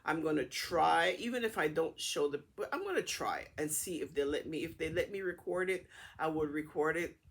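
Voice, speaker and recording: A middle-aged woman casually telling a personal story to her camera in a chatty, animated way. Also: deep voice, normal speed, breathy edge. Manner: chatty, animated retelling with acted-out dialogue. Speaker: vlogger.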